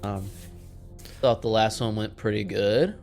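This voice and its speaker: A man's voice: fairly low pitch, fairly even intonation, measured pace, creaky, darkish tone, faint music behind. A man hosting a tabletop game as its game master, laid-back in manner.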